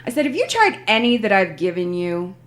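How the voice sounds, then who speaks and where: A woman's voice: mid-range voice, brisk. A woman hosting a podcast in casual chat, telling a story with animation and acting out the people she quotes. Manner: animated storyteller, acts out quoted phone reps. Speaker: podcast host.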